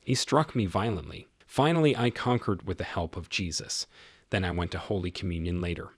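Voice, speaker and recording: A man reading aloud, in first person, the letters of a devout, suffering young woman mystic, in a solemn, low voice. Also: fairly quick, slightly rough, dry recording, clean studio sound.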